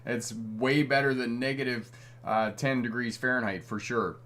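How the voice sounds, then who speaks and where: A middle-aged Canadian driving instructor hosts a live stream, reading viewer comments in a friendly, chatty way and chuckling often. His voice is medium in pitch with fairly even intonation, normal speed, and a fairly bright tone.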